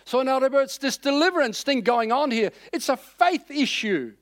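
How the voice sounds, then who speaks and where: Guy preaching, chatty sermon, high voice, dry close sound. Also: normal speed, no room sound. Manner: conversational, animated, many fillers.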